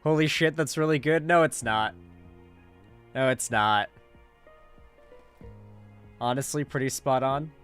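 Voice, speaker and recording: Smooth-voiced young male streamer. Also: mid-range voice, a little slow, long pauses, a bit bright, soft background music. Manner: loose and rambling, tags lines with "okay?", swears casually. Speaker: streamer and commentary host. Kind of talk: casual live commentary.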